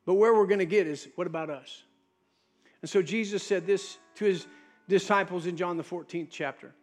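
A man preaching a sermon as pastor, dropping to a soft low voice when he quotes Jesus. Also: moderate pace, soft background music.

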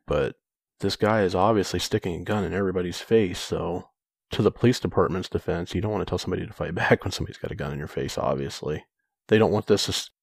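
A low-voiced man narrates true crime case details in a plain, matter-of-fact way, dropping in casual remarks. The sound is close and dry. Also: creaky, darkish tone, no room sound. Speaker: podcast co-host.

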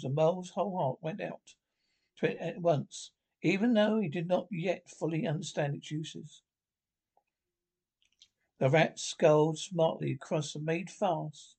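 Brief: man reading a children's classic, somewhat high voice, frequent restarts. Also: a little mellow, husky. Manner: reads aloud with frequent stumbles and restarts. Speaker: audiobook reader. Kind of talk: storybook narration.

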